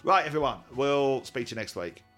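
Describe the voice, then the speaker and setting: A man's voice: mid-range voice, animated, brisk, a bit bright, faint music behind. A man co-hosting a podcast, chatting casually with wry, self-mocking humour. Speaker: podcast co-host. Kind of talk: casual chat.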